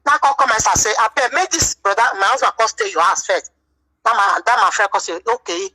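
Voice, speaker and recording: A woman's voice: fairly high pitch, brisk, sharp tone, slight background noise, rough recording. A woman speaking Nigerian Pidgin English, telling an aggrieved personal story in a vlog monologue, full of repetitions. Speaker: vlogger.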